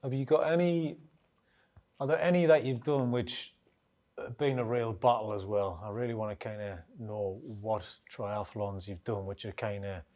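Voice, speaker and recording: A man hosting a podcast, asking gentle, searching questions with fillers. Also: fairly low pitch, fairly even intonation, normal speed. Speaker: podcast host. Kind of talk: interview questions.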